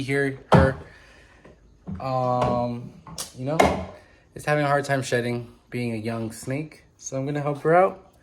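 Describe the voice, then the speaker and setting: A man's voice: mid-range voice, background noise. A man vlogging from a room of reptile tanks, talking casually into a handheld phone and often correcting himself as he rambles. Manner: rambling, chatty, self-correcting. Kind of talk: casual walkthrough vlog.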